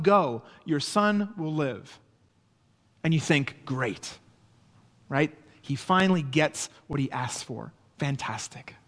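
Preaching in a large hall, this male pastor has a high voice and a conversational style. He keeps checking in with his listeners, dropping "right?" asides again and again.

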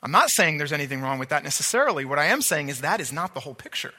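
A man's voice: fairly high pitch, big pitch swings, very fast, bright, forceful tone, big-room sound. A man preaching a sermon, teaching emphatically and asking rhetorical questions.

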